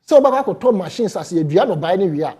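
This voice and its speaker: A Ghanaian man argues as a panelist on a TV debate, emphatic and animated. His voice is husky and dark, and his pitch swings widely as he presses each point. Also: fast talker. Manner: emphatic, animated, mixes Twi into English. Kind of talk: heated political debate.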